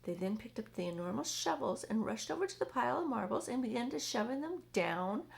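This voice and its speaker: A woman reading a children's book aloud in an expressive, dramatic way. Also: a little high, brisk, gravelly. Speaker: storyteller.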